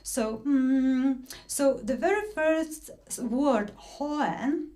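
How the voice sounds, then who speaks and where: A woman's voice: sits high, slow pace, mellow. A woman leading an online singing workshop over a video call, explaining patiently with frequent fillers and restarts.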